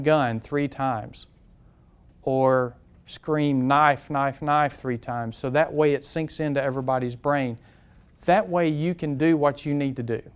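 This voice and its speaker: Direct, smooth-voiced police safety trainer. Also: male voice, mid-range voice, darkish tone. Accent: Southern US. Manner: direct and conversational, repeats points, asks the audience questions. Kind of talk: live safety seminar talk. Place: classroom lecture room.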